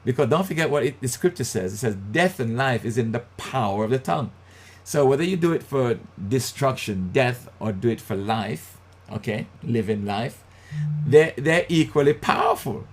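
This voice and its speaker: A man with a husky, breathy voice pitched in an ordinary middle range, preaching a motivational lesson. He stresses his points hard and circles back to the same phrases to drive them home. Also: lively intonation, normal speed. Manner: emphatic, repeats key phrases. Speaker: pastor. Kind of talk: motivational Bible teaching.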